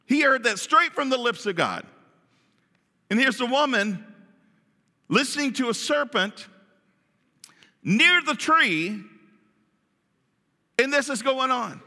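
A man teaching from the Bible in sermon style, animated and playful, asking his audience questions. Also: very high-pitched, takes it slowly, pauses often. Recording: long hall reverb.

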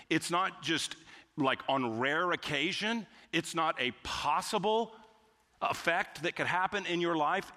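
A man's voice: fairly high pitch, pushed and bright. A man preaching a sermon as pastor, emphatic and driving home key phrases by repeating them. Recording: long hall reverb.

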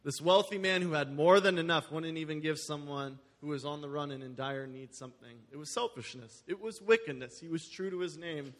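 A male pastor delivers a sermon with a voice pitched a little high. He mixes scripture reading with plain, chatty asides to his listeners. His voice rings out with a long reverb, as if recorded in a large hall. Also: a little fast, few pauses, fairly bright tone. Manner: conversational, explains the story in plain words.

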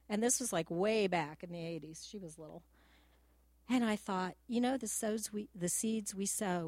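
A middle-aged woman speaks earnestly to a church congregation, telling homely family stories in a practical, down-to-earth manner. Her voice sits in an ordinary middle pitch and is recorded dry and close, with no room sound. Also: no echo. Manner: earnest, personal and practical, with a gentle down-home storytelling way. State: tearful at times. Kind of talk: church testimony.

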